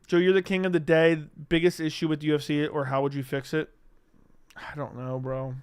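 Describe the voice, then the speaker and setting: Young male streamer, slightly raised pitch and clean tone, loose, salty chat reading viewer comments. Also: fairly even intonation, measured pace, long pauses, clear, resonant tone, dry recording, clean studio sound. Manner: casual, profane, reads chat comments aloud. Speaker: livestream host. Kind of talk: casual live-stream chat.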